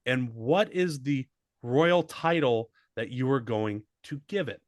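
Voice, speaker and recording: A man's voice: mid-range voice, takes it slowly, no room sound. A man co-hosting a casual comedy podcast, joking crudely and riffing. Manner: joking, crude, slips into mock English accent. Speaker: podcast co-host.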